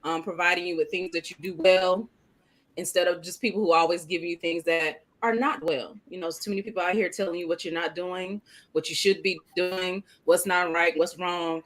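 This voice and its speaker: A woman's voice: fairly low pitch, steady tone, brisk. A woman on a casual panel chat, teasing and outspoken. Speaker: panel regular.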